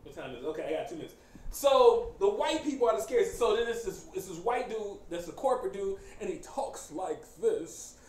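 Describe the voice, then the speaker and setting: A man hosting a casual chat, animated and joking, often breaking into laughter. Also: sits high, fast talker. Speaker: host. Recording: echoey room, faint background noise.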